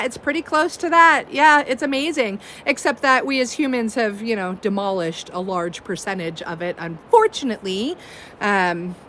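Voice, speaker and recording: Woman, 30s, herbalist host, casual and effusive chatter, slightly high voice, faint background noise. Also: fairly bright tone. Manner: chatty and effusive, many likes and ums. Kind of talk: casual livestream chat.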